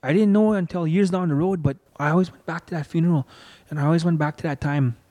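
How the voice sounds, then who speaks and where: This young man is a guest giving an emotional, earnest account of his loss in conversation, playing out others' remarks to him. His voice is a little high and warm, at a quick pace.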